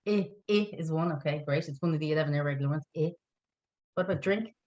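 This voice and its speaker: A woman's voice: deep voice, fast talker, darkish tone, muffled recording. A woman teaching an online language lesson, patient and encouraging, spelling words out letter by letter.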